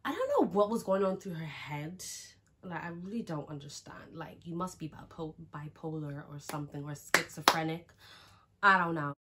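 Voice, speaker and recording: A woman's voice: low voice, expressive, moderate pace, background noise. A young woman, chatting frankly through a casual storytime, with lots of "like" and some swearing. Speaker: vlogger.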